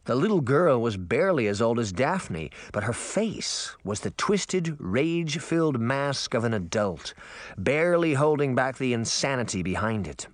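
A male narrator reading a fantasy adventure in an expressive, dramatic style. His voice rises and falls with lively intonation. The recording is close and dry, with no room sound. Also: medium pitch, no room sound. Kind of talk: audiobook narration.

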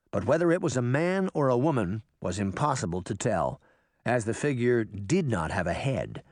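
A man reading a children's adventure story aloud as an audiobook narrator, with expressive, animated storytelling. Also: medium pitch, dry recording, studio quality.

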